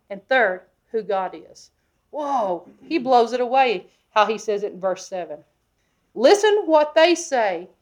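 With a fairly high pitch, a woman teaches an expository Bible sermon in an emphatic style. She moves between loud and hushed passages and frequently puts questions to her listeners.

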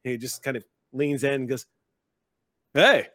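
A man as game master, narrating scenes vividly in a relaxed way with crude humor. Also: mid-range voice, fairly quick.

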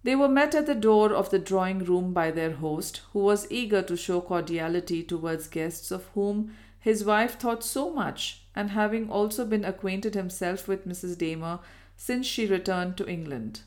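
Reading aloud as an audiobook narrator, a woman with a mid-range voice gives a Victorian novel an even, measured storytelling delivery from a script.

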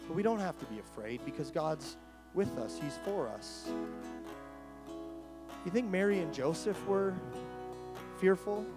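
A man's voice: high-pitched, expressive, unhurried, long pauses, music in the background. A man preaching a sermon as a pastor, talking in a conversational way that rises to emphatic calls.

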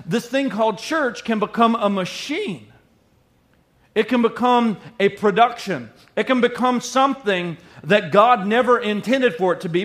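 A man's voice: high-pitched, fairly bright tone. A middle-aged male pastor preaching a sermon in a playful way, repeating lines for emphasis.

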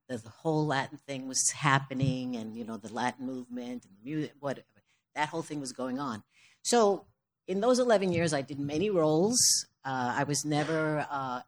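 An older woman, a stage actress, speaking as a panel guest before an audience, expressive and often laughing, restarting her sentences. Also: low voice.

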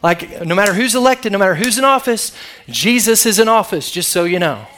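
A man's voice: sits high, expressive, brisk, fairly bright tone. A middle-aged man preaching a sermon as pastor, conversational and calling on the congregation to answer back. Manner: conversational, calls on the congregation for responses.

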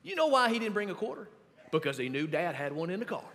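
A man's voice: high voice, very animated, fast, fairly bright tone, a little hiss or hum. A man preaching a sermon as pastor, emphatic and instructive, in a church with echoey hall reverb. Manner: emphatic, instructing the congregation to underline verses.

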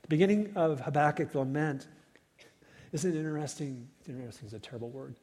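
A man preaching a sermon as pastor, rising to loud cries and falling to hushed whispers. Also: a little high, fairly quick, husky. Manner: dynamic preaching, swells loud then drops to whispers. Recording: long hall reverb.

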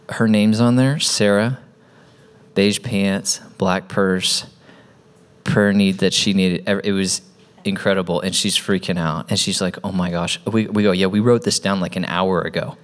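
A man's voice: low-pitched, fairly even intonation, unhurried. A man in ministry training telling a story in casual talk, acting out the people he quotes.

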